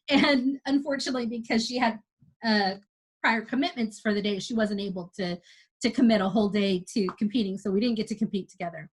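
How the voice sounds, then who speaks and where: A woman's voice: medium pitch, a little fast, breathy edge. Woman, casual storytelling, chatty, acts out quoted dialogue. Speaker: first-time amateur athlete.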